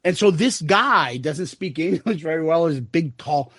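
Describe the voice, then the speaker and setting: A man's voice: on the high side, expressive, unhurried, fairly bright tone, husky, dry recording, clean studio sound. A man co-hosting a podcast, telling crude stories in casual banter and laughing often. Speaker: podcast co-host.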